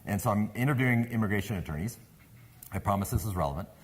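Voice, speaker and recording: A man's voice: on the low side, quick pace, a little hiss or hum. Canadian man telling a story on stage. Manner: animated, engages the audience with questions. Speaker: sales speaker. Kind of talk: storytelling talk to a live audience.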